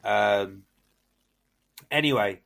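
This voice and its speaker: A man's voice: fairly low pitch, very slow, vocal fry. A man co-hosting a film podcast, retelling a plot in casual chat with lots of fillers and restarts. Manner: animated, many fillers and restarts. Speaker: podcast host.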